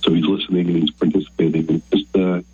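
An older man from Maryland phones in to a radio show, his very deep, husky voice earnest and halting with emotion. The line sounds dull and lo-fi, like a telephone call. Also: fairly even intonation, a little mellow, no echo, soft background music. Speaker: caller.

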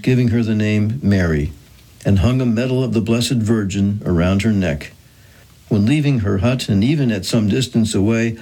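Man narrating old history, slow solemn reading, husky low voice. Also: warm tone. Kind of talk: scripted narration of a historical account.

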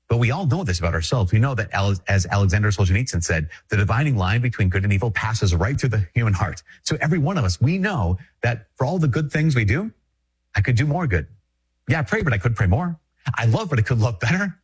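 A Catholic priest from Minnesota giving a conversational, emphatic reflection, repeating phrases and chuckling often. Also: male voice, lowish voice, breathy edge. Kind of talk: spoken reflection to an audience.

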